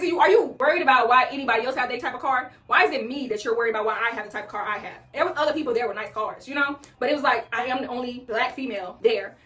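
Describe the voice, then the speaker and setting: Fast-talking young woman, storytime. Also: fairly high pitch, recorded from a distance. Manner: animated, addresses viewers as y'all and bro. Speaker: vlogger telling a workplace story. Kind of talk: casual storytime while doing makeup.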